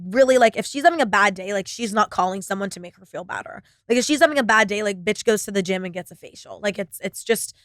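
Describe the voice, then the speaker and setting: A woman's voice: medium pitch, a bit bright, no room sound, clean studio sound. Blunt, profane young woman podcaster. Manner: blunt, profane, filler-heavy with frequent "like". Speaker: podcast host. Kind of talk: casual solo podcast monologue.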